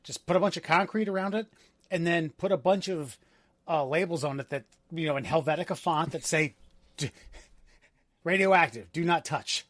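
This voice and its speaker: A man co-hosting a podcast in casual chat, laid-back and wry with deadpan jokes. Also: on the high side, a little fast, no room sound. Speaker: podcast co-host.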